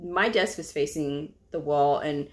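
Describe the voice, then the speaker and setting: Woman vlogger rambling thru a work story, kinda low voice, lots of "you know"s. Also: measured pace. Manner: chatty, lots of fillers and asides; laughs while telling the story. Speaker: medical coding vlogger. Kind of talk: casual storytelling.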